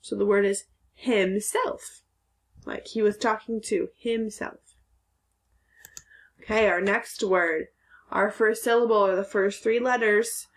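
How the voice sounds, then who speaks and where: A woman's voice: mid-range voice, steady tone, slow pace, long pauses. A woman teacher giving a recorded phonics lesson to second graders, sounding out letters and syllables carefully.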